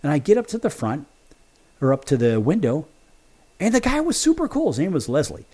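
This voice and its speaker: A man's voice: on the high side, huge pitch swings, brisk, mellow, husky. A male sports show host telling a casual story, acting out both sides of each conversation.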